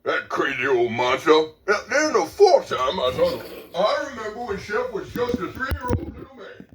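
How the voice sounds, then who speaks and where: High-voiced grumpy old man spinning a tall tale. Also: very animated, moderate pace, background noise. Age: older. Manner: folksy, grumpy, blustering. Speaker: storyteller. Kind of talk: comedic tall-tale storytelling.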